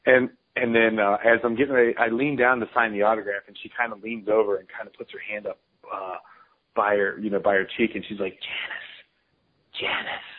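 This fast-talking man has a fairly low voice and is a former fighter calling in as a guest. Over a tinny phone line, he tells rambling, laid-back anecdotes, restarting his sentences as he goes.

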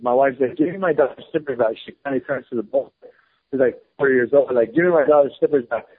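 A man's voice: mid-range voice, fast talker, breathy edge. A man in his thirties telling a story in a casual chat, blunt, heated and swearing often. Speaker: podcast guest. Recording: phone-like lo-fi podcast audio.

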